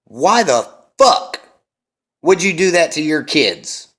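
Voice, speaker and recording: A young man and parent delivering a heated, emphatic monologue, cursing often and slowing down to hammer his points. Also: fairly high pitch, sing-song, fairly bright tone. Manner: intense, emphatic, heavy cursing, slows to hammer key words. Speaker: vlogger and parent.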